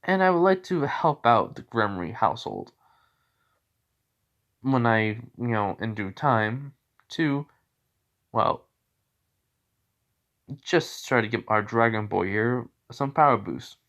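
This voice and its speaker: Man telling a made-up story off the cuff, rambling, medium pitch. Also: animated, slow, long pauses, a bit bright, lo-fi sound. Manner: rambling, many fillers and self-corrections. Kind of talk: improvised fan story narration.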